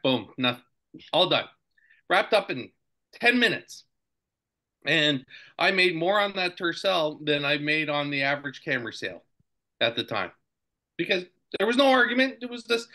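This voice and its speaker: A man's voice: fairly high pitch, measured pace. A man in his sixties co-hosting a casual chat, telling anecdotes and acting out the lines of the people in them. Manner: animated anecdote-teller, acts out quotes. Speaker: podcast co-host.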